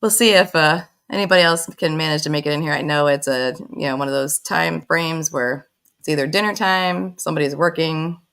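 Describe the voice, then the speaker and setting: A middle-aged woman chats through a casual livestream, greeting viewers one by one and laughing easily. Her voice sits a little low and carries a gravelly fry. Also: fairly quick, fairly bright tone. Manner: chatty, greets viewers by name, laughs often. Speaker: livestream host.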